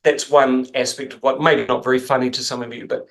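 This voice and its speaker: Gravelly man telling rambling stories. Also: mid-range voice, flat delivery, a little fast, a bit bright. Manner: rambling, self-mocking, laughs often. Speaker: interview guest, coach. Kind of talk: casual interview storytelling.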